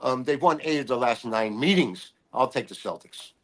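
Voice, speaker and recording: A man's voice: medium pitch, expressive, normal speed, fairly bright tone. A man giving sports betting picks in easygoing casual chat.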